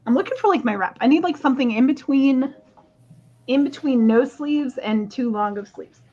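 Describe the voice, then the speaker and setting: A woman's voice: high voice, animated, normal speed, mellow, highs cut off. A woman hosting a live stream auction of stones, chatting casually and laughing often. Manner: chatty, laughs often, jokes about accents.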